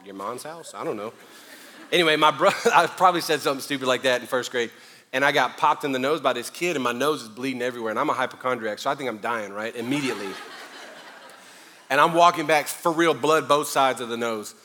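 Joking Southern preacher in a reverberant hall. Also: male voice, mid-range voice, fast. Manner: animated, joking preacher, swings loud and quiet. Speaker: pastor. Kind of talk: sermon. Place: church sanctuary.

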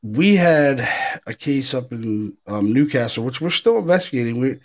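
A man hosting a casual talk show, a paranormal investigator telling stories in an animated way, full of fillers and restarts. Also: mid-range voice, moderate pace. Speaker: podcast host, paranormal investigator. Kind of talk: casual chat.

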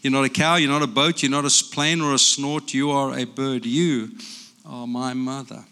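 Lost, earnest baby bird, read aloud by a man, bright and high, long hall echo. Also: steady tone, moderate pace, clear, resonant tone. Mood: relieved. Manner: earnest, pleading storybook voice. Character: lost anxious little male baby bird.

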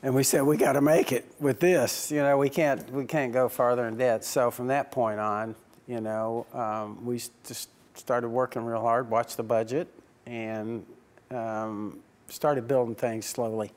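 A man's voice: medium pitch, little pitch movement, measured pace, a little mellow. Man, team owner type, anecdotal storyteller who laughs through his answers and voices both sides of old conversations. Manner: chuckling anecdotal storyteller, acts out dialogue.

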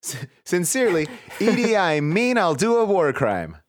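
A man's voice: sits high, very animated, normal speed. A man co-hosting a comedy podcast, tossing out teasing jokes and laughing often. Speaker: podcast co-host. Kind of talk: casual comedic banter.

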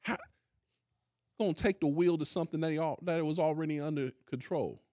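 A man's voice: a little high, brisk, a little mellow, no room sound, studio quality. A man, a pastor hosting a casual faith discussion, who repeats key lines for emphasis. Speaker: pastor and podcast host.

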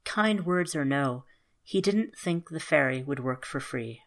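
A woman calmly narrating a fairy tale in an even storybook manner. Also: sits low, a little slow.

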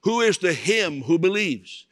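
Bright-voiced preacher man in a reverberant hall. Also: sits high, sing-song, measured pace. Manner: storytelling, acts out quoted voices. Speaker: evangelist preacher. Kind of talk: sermon.

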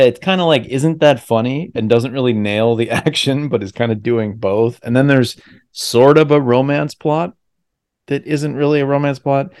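Animated man hosting a chat. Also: medium pitch. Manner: animated, quick to tease. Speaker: podcast host. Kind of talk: casual chat.

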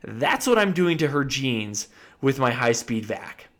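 A man's voice: medium pitch, a little slow. Man, a dentist telling a story. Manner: animated, laughs often while telling. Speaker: podcast co-host. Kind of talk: casual storytelling chat.

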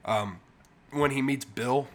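A man's voice: medium pitch, slow. A man co-hosting a podcast, chatting casually and making dry, wry remarks. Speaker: podcast co-host. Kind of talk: casual chat.

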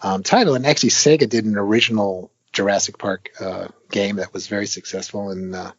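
An arcade game designer with a husky, low-leaning voice speaks fairly quickly as a guest in a muffled, echo-free recording. The casual, lengthy interview finds him rambling with lots of fillers and restarts, turning animated as he retells stories.

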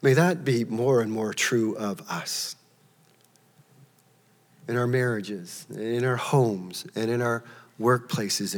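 A man preaching a sermon in a church, emphatic, his voice jumping high as he acts out quotes. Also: long reverb tail. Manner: emphatic, rising to a high pitch when acting out quotes. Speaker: pastor.

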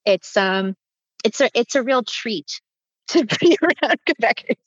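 A woman from Canada hosts a loose podcast chat, blunt and quick to curse. Her voice sits a little high, and the recording is dry and slightly muffled. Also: lively intonation, no echo. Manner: blunt, swears freely, quick back-channel replies. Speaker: podcast host. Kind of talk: casual chat.

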